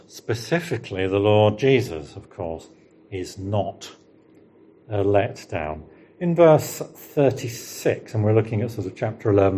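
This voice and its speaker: Slow, low-voiced male preacher. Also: warm tone. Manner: rhetorical questions, emphatic rises and slowed stresses. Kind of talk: sermon.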